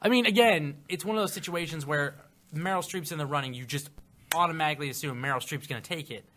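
A man's voice: a little high, quick pace. A young man co-hosting a podcast, chatting casually and laughing a lot as he makes Oscar picks. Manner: laughs a lot, animated, jokey. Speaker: podcast co-host. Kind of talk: casual chat, Oscar predictions.

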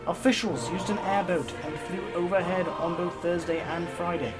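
A man's voice: high-pitched, steady tone, normal speed, over loud music, close to an everyday voice. A man putting on a British accent to play a formal newsreader, delivering the news stiffly. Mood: mock-formal. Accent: put-on British.

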